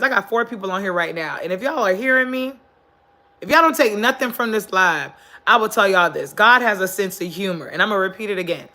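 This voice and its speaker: A woman talks into her phone on a live stream, giving earnest motivational advice in a bright, sharp voice. Her pitch sits in an ordinary middle range. She leans on repetition to drive her points home, like a casual sermon. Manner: earnest, preachy, repeats points for emphasis. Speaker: livestream host. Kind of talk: casual motivational livestream talk. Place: indoors, sitting on the floor.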